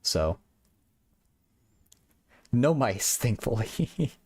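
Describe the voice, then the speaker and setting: A man's voice: medium pitch, very animated, extremely slow, a little mellow, husky, no echo. A young man hosting a livestream, chatting casually with viewers, stuttering and repeating words, from a small apartment bedroom. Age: young adult. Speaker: livestream host.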